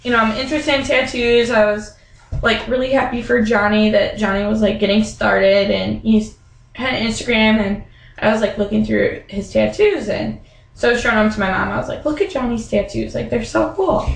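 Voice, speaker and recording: A young woman with a slightly high, creaky voice talks fairly quickly, acting out quoted voices as she tells a casual story stuffed with "like" and "um." The audio is poor and sounds like it was made in an echoey room.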